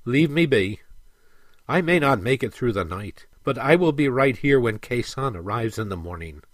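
A man voicing an old, dying dwarf king who speaks firmly and commandingly, in a measured, slow delivery. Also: medium pitch, expressive, dry recording, clean studio sound, close to an everyday voice. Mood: stern commanding. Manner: firm, declarative, louder than the narration. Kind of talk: audiobook character reading.

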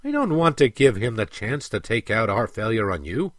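A man's voice: lowish voice, sing-song, normal speed, no room sound, studio quality. A man voicing a stern old dwarf king. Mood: stern commanding. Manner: firm, declarative, louder than the narration. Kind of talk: audiobook character reading.

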